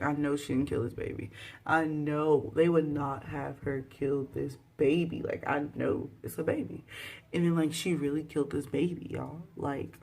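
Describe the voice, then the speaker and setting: Low-voiced woman chatting to viewers. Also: creaky, slightly rough. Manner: chatty, slangy, addresses viewers directly; swings into loud exclaiming at times. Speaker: TV episode reviewer. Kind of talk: casual chat recapping an episode.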